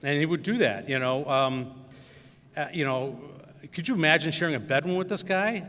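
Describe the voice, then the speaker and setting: A man's voice: fairly high pitch, normal speed, bright, forceful tone. Middle-aged man, commencement speaker, loose anecdotal delivery, long hall reverb. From Wisconsin. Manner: storytelling with many fillers and acted quotes. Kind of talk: anecdotal speech. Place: large hall.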